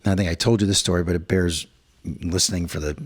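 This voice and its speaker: Casting note: middle-aged man, lowish voice, casual podcast co-host who rambles and acts out quotes. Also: steady tone, fast talker. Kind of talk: casual chat. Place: hotel room.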